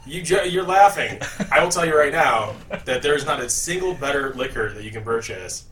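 A man's voice: mid-range voice, animated, brisk, a bit bright. Rambling male guest in a roomy room. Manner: rambling with restarts, dry joking. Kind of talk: casual chat. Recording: roomy, distant mic with faint noise.

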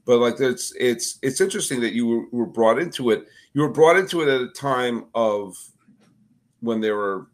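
A man's voice: mid-range voice, expressive, moderate pace. A man hosting a podcast, chatting casually with a guest and teasing in a dry, sarcastic way. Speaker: podcast host. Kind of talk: casual conversational interview.

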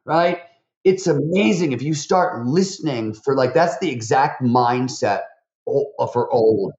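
A man, a podcast guest, tells stories in an animated way, with lots of fillers and restarts. His voice jumps up when he quotes people. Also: medium pitch, moderate pace. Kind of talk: animated interview storytelling. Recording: roomy, slightly dull recording.

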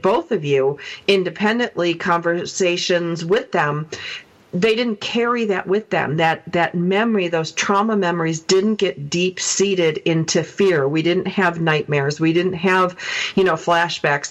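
A woman's voice: on the low side, rough recording. A woman hosting a talk radio show, speaking in a chatty, loose way with lots of fillers.

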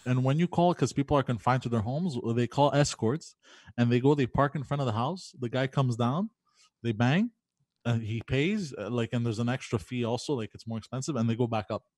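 A man on a podcast telling a story haltingly, restarting and repeating words, and answering with short denials. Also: mid-range voice, a little mellow, no echo. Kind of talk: casual storytelling chat.

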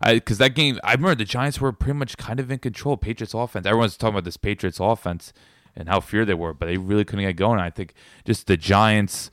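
A man's voice: fairly low pitch, quick pace, fairly bright tone, no echo, clean studio sound. A young man in casual sports chat, easygoing, often chiming in with agreeing yeahs.

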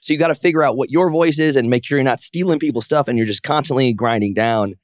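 A fast-speaking man at medium pitch, a professional wrestler and comic, tells stories as a guest in a casual interview. He's animated and acts out other people's quotes by raising his voice. The audio is studio quality with no echo.

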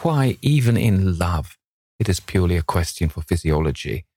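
A languid, cynical aristocrat trading in witty epigrams, read by a man. The voice is deep and unhurried, and the recording is dry and close. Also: big pitch swings, darkish tone, dry recording.

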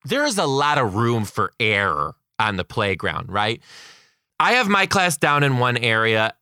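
Animated young man telling stories. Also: medium pitch, unhurried, smooth, no room sound, clean studio sound. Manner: animated, swearing, acts out kids' voices. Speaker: kindergarten teacher. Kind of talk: casual storytelling.

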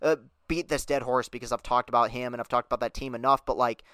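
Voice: mid-range voice, steady tone, quick pace, fairly bright tone, clean tone, no room sound. A podcast host delivering a heated, sarcastic sports talk monologue on a close mic.

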